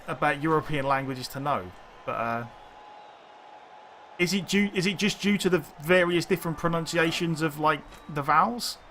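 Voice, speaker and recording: A man's voice: on the high side, moderate pace, a bit bright, a little hiss or hum. A man streaming a video game, chatting casually with viewers and thinking aloud in rambling, restarting sentences. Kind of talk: casual chat while gaming.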